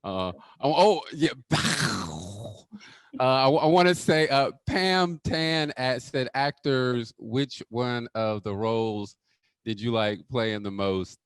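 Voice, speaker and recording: A man in casual video-call conversation, playful and full of jokes. His voice is smooth and clear, with no room sound around it. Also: mid-range voice, takes it slowly, dry recording. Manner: playful, joking. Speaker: actor.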